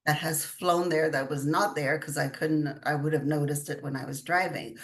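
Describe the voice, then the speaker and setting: An older woman with a low voice tells her stories in an easy, chatty way. She laughs often as she talks through the interview. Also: fairly even intonation, normal speed. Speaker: guest, intuitive channeler. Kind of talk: casual interview chat.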